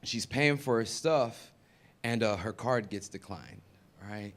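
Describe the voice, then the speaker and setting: A man performing a stand-up comedy set, chatty and conversational, dropping to mumbled asides and jumping up loud for punchlines. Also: fairly low pitch, unhurried. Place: comedy venue with live audience.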